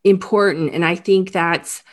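A woman hosting an interview, talking haltingly with many restarts, close to tears. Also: fairly low pitch, fairly even intonation. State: emotional, near tears. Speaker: host. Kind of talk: emotional interview about a crime case.

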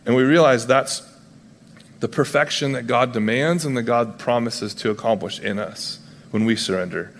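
A man preaching a casual, conversational sermon as pastor, acting out biblical figures in quick voices. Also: medium pitch. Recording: long hall reverb.

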